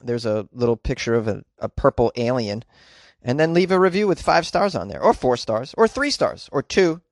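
A man's voice: medium pitch, expressive, moderate pace, a little mellow, no echo, studio quality. A man hosting his own podcast, chatting in a loose, jokey, rambling way and reading out listener messages. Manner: jokey, rambling, breaks into off-key singing. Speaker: podcast host. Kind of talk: casual solo podcast chat.

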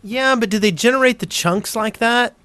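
A man's voice: very high-pitched, moderate pace, sharp tone, clean tone. A man co-hosting a casual podcast chat in a laid-back way. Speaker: podcast co-host.

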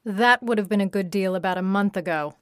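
A woman reading the part of a scornful, domineering young woman in a storybook, sharp and mocking, in a dry recording. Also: mid-range voice, brisk, clean tone, no room sound, natural voice.

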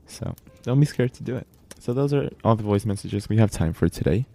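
A young man with a Californian accent hosting a podcast in casual chat, relaxed and full of "like". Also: on the low side, brisk, vocal fry. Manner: relaxed, fills speech with "like". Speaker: podcast host.

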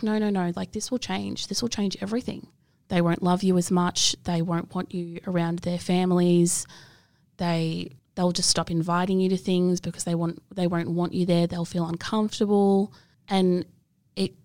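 A young woman recounts her life candidly, earnest and emotional, trailing into fillers. Her voice sits fairly low and carries a gravelly fry. It is recorded close and dry. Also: a little mellow, no room sound. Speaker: interview guest. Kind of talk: candid personal interview.

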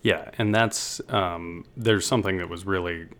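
A man from the United States with a very deep, low voice co-hosts a podcast. He talks in an easygoing, rambling way, often pausing on fillers. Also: steady tone, a bit bright, smooth. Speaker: podcast co-host. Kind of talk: casual chat.

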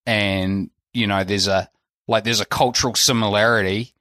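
A man with a New Zealand accent chats on a podcast, laughing often and circling back on his own sentences. His voice sits a little low. The sound is dry and close. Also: fairly even intonation, moderate pace, pushed and bright, no echo. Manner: laughing, rambling with restarts. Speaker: podcast co-host. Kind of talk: casual chat.

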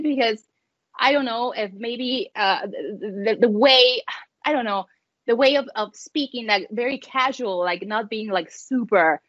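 A woman's voice: fairly high pitch, measured pace, fairly bright tone, dry recording, muffled recording. A Spanish-speaking woman from Mexico, a mother, chatting as an interview guest with a light Mexican accent, many fillers and restarts. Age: adult with children. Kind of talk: casual interview chat.

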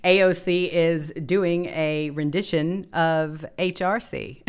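Woman talk host, low-pitched, sarcastic and emphatic commentary. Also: fairly even intonation, slow pace, hardly any pauses, clear, resonant tone. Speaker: political talk show host. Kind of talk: opinion commentary.

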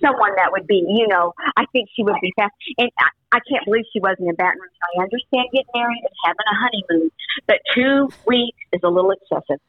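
A woman, the host's mother, chatting casually as a guest and rambling warmly with frequent laughs. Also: medium pitch, fast talker. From Missouri. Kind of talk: casual chat. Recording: dull phone-line sound.

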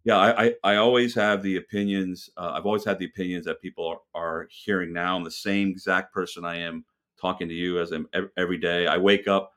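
A man with a fairly low voice talks as a podcast guest. He is blunt and fired up, and he throws in a curse word here and there. He tells his stories with a lot of heat. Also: flat delivery, a little fast, fairly bright tone. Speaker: restaurant owner, guest. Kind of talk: casual podcast interview.

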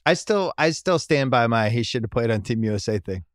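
A man's voice: medium pitch, expressive, a little fast, dry recording, studio quality. A middle-aged man hosting a casual sports podcast, teasing and joking with his guest. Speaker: podcast host.

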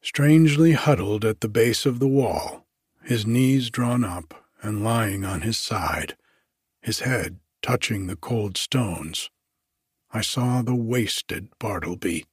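A man giving a measured first-person reading of a literary story as an audiobook narrator. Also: on the low side, husky, dry recording, clean studio sound.

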